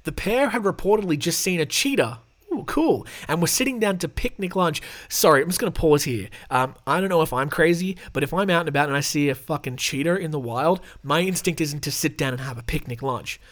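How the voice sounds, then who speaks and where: A man's voice: fairly high pitch, brisk, hardly any pauses, a bit bright. An Australian man hosting a podcast, reading news stories aloud with sarcastic, rambling asides and casual swearing. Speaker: podcast host.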